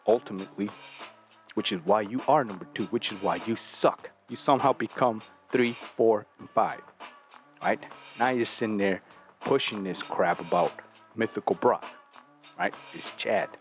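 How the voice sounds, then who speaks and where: A man with a fairly low voice lectures in a blunt, profane way and keeps tossing out rhetorical questions. Faint music runs quietly under his talk. He sounds like a show host laying down advice. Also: normal speed. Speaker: podcast host giving dating advice. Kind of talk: casual talk.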